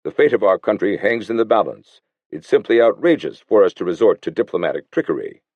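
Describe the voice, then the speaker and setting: A man lends his deep voice to a middle-aged finance minister who keeps pressing and arguing. The delivery swings lively, and the recording sounds dry and a little muffled. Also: a little fast, slightly rough, dry recording. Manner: insistent questioning.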